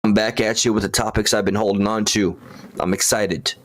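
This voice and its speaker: A man hosting a casual livestream, rambling and gushing with halting restarts as he talks to his viewers. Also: fairly low pitch, fairly even intonation, fairly bright tone. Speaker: livestream host.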